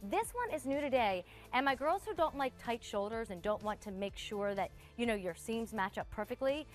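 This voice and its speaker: A woman's voice: a little high, animated, moderate pace, soft background music. A woman in her thirties hosting a live TV shopping show, chatty and gushing as she talks straight to viewers. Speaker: shopping channel host. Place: TV studio.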